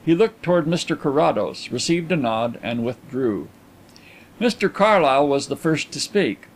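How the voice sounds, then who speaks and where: A man's voice: on the high side, animated, moderate pace, a little hiss or hum. Man narrating a classic detective story. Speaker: audiobook narrator.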